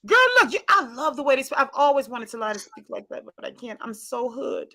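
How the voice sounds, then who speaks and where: An American woman hosting a casual group chat show, animated and exclamatory, with frequent restarts. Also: sits high, brisk. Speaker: host.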